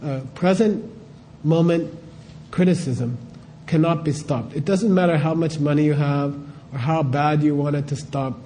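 A man's voice: a little high, unhurried, warm tone, slight background noise. A middle-aged man giving an informal spiritual teaching talk, conversational, often asking his listeners rhetorical questions and checking in with "okay?".

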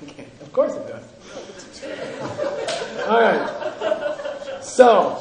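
A man teaching Buddhist philosophy to a class, drilling students in call-and-response and coaxing them with teasing, animated prompts. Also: high voice, slow pace, long pauses, echoey room, slight background noise, low-quality recording.

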